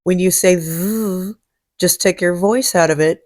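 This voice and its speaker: Salty, low-voiced woman vlog host. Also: a little slow, darkish tone. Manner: salty, jokey, swears freely. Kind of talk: casual chat.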